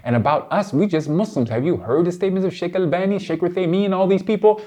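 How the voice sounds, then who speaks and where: A man giving heated reaction commentary, addressing his target directly with blunt, slangy lecturing that swings between low muttering and loud outbursts. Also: quick pace. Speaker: commentator responding to a debate.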